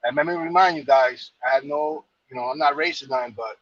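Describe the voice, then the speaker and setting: A man's voice: fairly high pitch, quick pace, lo-fi sound, slight background noise. A man from New York casually telling a long, rambling story, full of fillers and repeated phrases.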